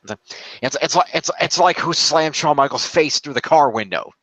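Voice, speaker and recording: A man co-hosting a casual podcast, summarizing the week's wrestling in quick run-on sentences and swearing offhandedly. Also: on the high side, expressive, a bit bright, no room sound. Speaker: podcast co-host recapping wrestling. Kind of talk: casual recap chat.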